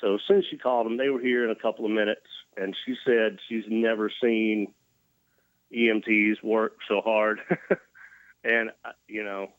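Guy, lowish voice, folksy jokey storyteller, dry kinda dull audio. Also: little pitch movement, normal speed, pauses often, no echo. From Mississippi, US. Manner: folksy, joking, self-deprecating. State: recovering from cardiac arrest. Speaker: guest. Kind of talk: casual storytelling interview.

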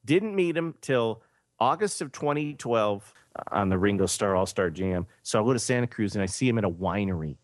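A man's voice: lowish voice, normal speed, no room sound, studio quality. A middle-aged man from the United States, a podcast host telling an anecdote in a casual chat and acting out the quoted dialogue. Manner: animated anecdote teller, acts out quoted dialogue.

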